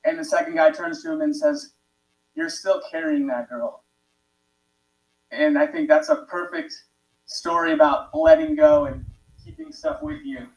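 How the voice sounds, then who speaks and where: A man in an online group, casually telling a short anecdote in a relaxed way. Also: very high voice, normal speed, creaky, echoey room, far from the mic, poor audio. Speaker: group participant. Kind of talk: casual storytelling.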